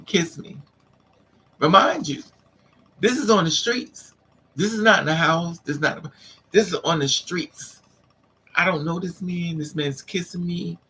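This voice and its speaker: A woman vlogger telling a story in a casual, animated way, repeating lines for emphasis and acting out what men said to her. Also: fairly low pitch, measured pace, long pauses, slight background noise, low-quality recording. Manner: acts out the men's lines in quotes.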